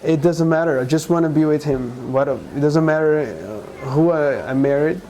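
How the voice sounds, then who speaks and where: A man from Brazil, a guest in an interview, speaking earnestly and haltingly, with frequent restarts. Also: fairly high pitch, mellow, a little hiss or hum, rough recording. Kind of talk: conversational interview.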